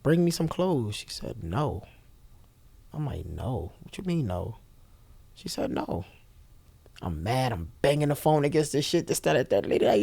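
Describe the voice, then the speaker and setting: Speaking as a guest in an interview, a young man recounts something from his own life frankly and crudely, swearing and quickly switching voices to play out the exchanges. His medium-pitched delivery is sing-song and mellow with vocal fry, recorded without room sound.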